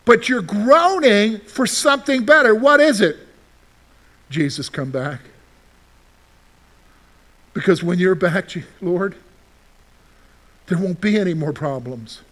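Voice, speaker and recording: A man's voice: high voice, animated, takes it slowly, long pauses, a bit bright. A male pastor preaching a conversational sermon, firing questions at the congregation and acting out their replies. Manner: conversational, asks the congregation questions and answers them; plays out imagined listeners' replies.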